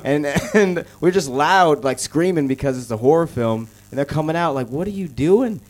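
Slangy man with a fairly high voice. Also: moderate pace. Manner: casual slangy talk. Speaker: sketch comedy cast member. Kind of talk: casual panel chat.

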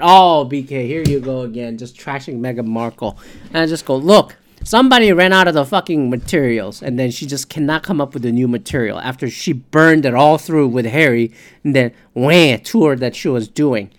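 Solo podcast host, profane and rambling, middle-pitched, keeps slipping into made-up quoted exchanges. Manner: profane, rambling, acts out imagined dialogue. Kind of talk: solo commentary rant.

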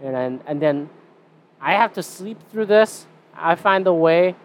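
A man's voice: on the high side, animated, a little slow, a little hiss or hum. Profane, rambling young podcast man. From Canada. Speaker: podcast host. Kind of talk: casual solo podcast rant.

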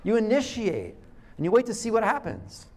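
A middle-aged man preaching a sermon in a conversational, animated way, telling stories and acting out quotes. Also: high-pitched, normal speed. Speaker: pastor.

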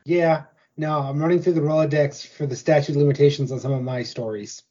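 A man's voice: fairly high pitch, steady tone, brisk, warm tone. A man co-hosting a podcast in casual chat. He jokes and chuckles as he talks. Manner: joking, chuckling. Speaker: podcast co-host. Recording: muffled lo-fi audio.

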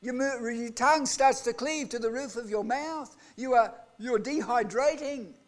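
A man preaching a live sermon in a church. He asks the congregation rhetorical questions and swings between loud outbursts and hushed lines. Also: very high-pitched, moderate pace. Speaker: pastor. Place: church hall.

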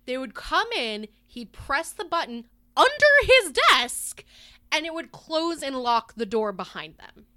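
A woman's voice: high-pitched, big pitch swings, measured pace, sharp tone. A woman co-hosting a podcast, telling a story in a casual, exasperated, profane way. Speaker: podcast co-host. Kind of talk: casual chat.

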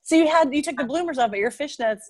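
A woman host with a high voice chimes in during a relaxed conversation. She asks short follow-up questions and laughs along with her guest. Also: quick pace. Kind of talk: casual chat.

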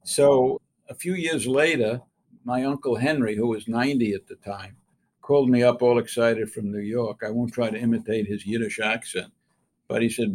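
An older man being interviewed, telling a story in a relaxed and wry way. His voice sits at a middle pitch, and he acts out the voices of the people he quotes. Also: moderate pace. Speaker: interviewed scientist.

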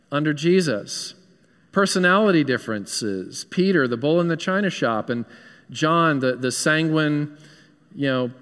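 A man's voice: a little high, fairly bright tone, big-room sound. A man with a Southern US accent, a pastor preaching an earnest, conversational sermon in a church. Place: church sanctuary.

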